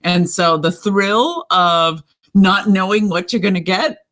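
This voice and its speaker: A woman's voice: medium pitch, takes it slowly, fairly bright tone. Enthusiastic woman telling a story. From Iran. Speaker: co-host. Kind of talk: casual chat and storytelling.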